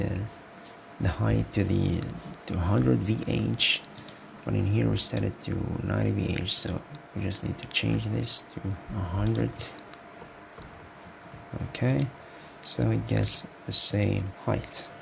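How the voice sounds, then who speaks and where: A man talks through a web coding tutorial at a slow, halting pace, stopping to restart his sentences. His voice sits low and carries heavy vocal fry. A faint hiss of background noise runs under the recording. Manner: unhurried, halting explanation with restarts.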